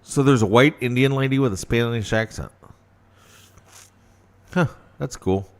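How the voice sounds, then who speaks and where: A man's voice: medium pitch, a little slow. A man hosting a casual political talk radio show, brash and opinionated, with sarcastic asides.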